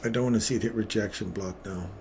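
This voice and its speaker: A middle-aged man giving excitable, self-mocking live commentary on his own trades as he makes them. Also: on the low side, fast, a little hiss or hum.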